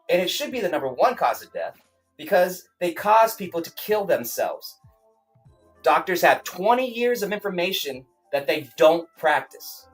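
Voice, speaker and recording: A man's voice: high-pitched, lively intonation, moderate pace, soft background music. A man on a casual livestream, ranting in a heated, profane, rambling way with many restarts. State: angry, then calming down. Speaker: streamer, self-published author.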